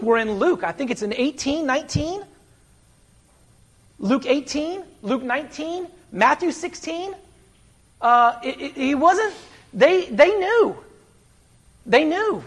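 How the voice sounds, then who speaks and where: A man preaching a sermon, telling stories animatedly and swinging between loud bursts and soft, hushed asides. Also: very high-pitched, slightly rough. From West Virginia.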